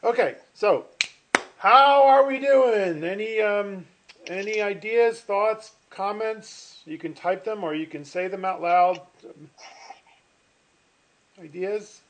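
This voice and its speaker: A man's voice: sits high, slow, fairly bright tone, slight background noise. A middle-aged man teaching a finance class online over a video call, chatty and rambling, often stopping and restarting with fillers. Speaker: finance professor. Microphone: computer mic on a video call.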